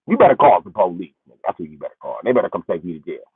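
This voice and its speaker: A man doing a profane comedic rant on a livestream. He swings from high yelling to low muttering. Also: very animated, very fast, hardly any pauses, husky, no room sound. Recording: tinny phone-like audio.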